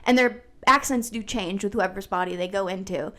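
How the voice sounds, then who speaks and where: A woman co-hosting a podcast, chatting casually. She talks in a loose, filler-heavy way and sits at a middle pitch for a woman. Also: brisk, a bit bright. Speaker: podcast co-host. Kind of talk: casual chat.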